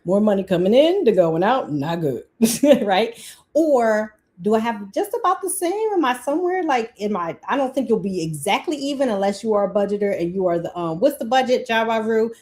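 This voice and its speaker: A woman, hosting a casual live-stream budgeting talk, chatty and quick to laugh, breaking off her own sentences. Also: a little high, expressive, darkish tone. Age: 40s. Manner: chatty, laughs often, self-interrupting. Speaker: livestream host.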